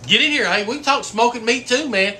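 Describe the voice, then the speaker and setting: A man's voice: very high-pitched, brisk, bright, forceful tone, slight background noise. A middle-aged man hosting a casual livestream, folksy and swearing freely. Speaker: livestream host; coach.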